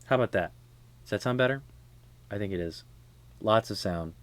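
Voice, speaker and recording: A man's voice: fairly low pitch, fairly quick. A man co-hosting a casual podcast chat over a video call, joking and laughing often. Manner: animated, jokey, laughs often. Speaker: podcast co-host. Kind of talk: casual chat on a live stream. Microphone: computer mic on a video call.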